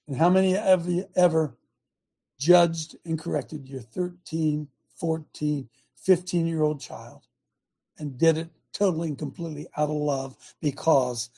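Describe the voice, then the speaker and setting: An older man preaching with fervor on a talk show, his voice pitched high for a man. The tone is dark and mellow with a husky edge. He swings from forceful declarations to low, confiding asides. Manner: fervent, emphatic, swings between loud and quiet. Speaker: show host, former football coach. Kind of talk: impassioned preaching rant.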